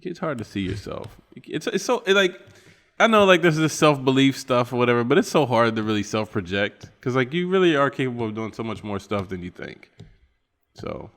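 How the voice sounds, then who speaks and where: A man's voice: medium pitch, animated, brisk, a bit bright. Laughing Appalachian man in a reverberant room. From West Virginia. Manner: laughing, rambling, filler-heavy. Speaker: podcast co-host. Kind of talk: casual chat.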